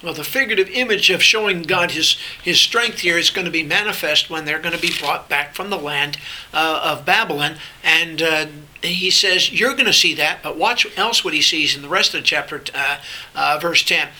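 An older man teaches through a Bible passage in sermon style, explaining conversationally and restarting frequently. His voice is a little high, pushed and bright, at normal speed, on a low-quality recording with faint hiss.

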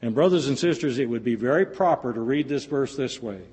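A man preaching a sermon in a church, rising loud and high in his appeals and dropping soft at the ends of phrases. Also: lively intonation, fairly quick, slightly rough.

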